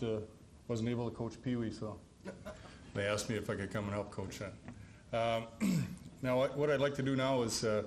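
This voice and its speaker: A man's voice: medium pitch, slight background noise. A man who helped coach the team, thanking the organizers in a hesitant speech with many fillers. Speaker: assistant coach giving a thank-you speech. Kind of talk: speech at an awards ceremony.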